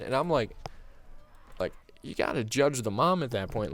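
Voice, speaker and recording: A man's voice: medium pitch, animated, normal speed, a bit bright. A young man hosting a gaming channel who tells a meandering story over his gameplay. He talks casually and fills his sentences with "um" and "like.". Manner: casual and meandering, heavy on fillers like "um" and "like".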